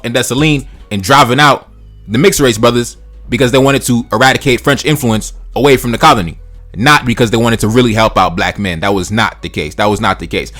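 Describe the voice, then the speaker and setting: Fast-talking man with blunt slangy commentary. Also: mid-range voice, a bit bright, dry recording. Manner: blunt, profane, slangy asides between read passages. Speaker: history channel host. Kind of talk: casual history commentary, reading passages aloud.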